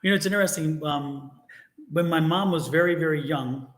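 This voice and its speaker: A man co-hosting a tarot reading stream, telling stories in a lively, animated way and laughing often. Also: a little high, moderate pace, reverberant. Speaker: tarot reader co-host. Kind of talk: casual live-stream chat.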